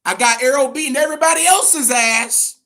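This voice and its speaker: A man's voice: very high voice, a little fast, creaky, sharp tone. A man hosting a boxing podcast, giving casual, opinionated commentary full of swearing and repeated emphasis. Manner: profane, emphatic, repeats himself.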